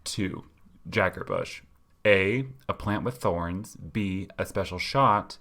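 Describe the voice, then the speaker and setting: A man's voice: deep voice, slow, fairly bright tone. A young man co-hosting a podcast, chatting casually with many fillers and restarts. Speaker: podcast co-host. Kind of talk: casual chat.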